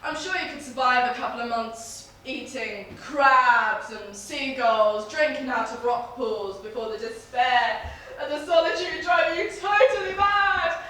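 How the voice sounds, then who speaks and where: A high, bright pirate captain sneers and swaggers through a stage pantomime, played by a woman. The villain is boastful and childish. The voice comes from far off in an echoey hall, with music. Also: a little slow. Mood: menacing. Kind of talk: stage pantomime acting and song. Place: theatre stage.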